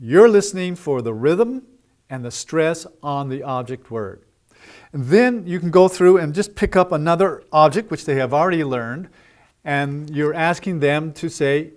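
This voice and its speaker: A man's voice: fairly high pitch, lively intonation. Man coaching teachers through vocabulary drills. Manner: slow, deliberate modeling of drill phrases; loose and conversational, with "uh" fillers. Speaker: language teacher trainer. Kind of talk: instructional talk to teachers.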